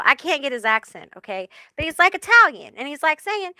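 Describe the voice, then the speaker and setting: A woman's voice: sits high, sing-song, fairly quick, hardly any pauses, pushed and bright, no room sound, studio quality. A woman tarot reader channeling spirit messages live, hesitant and reassuring, often checking in with "okay?".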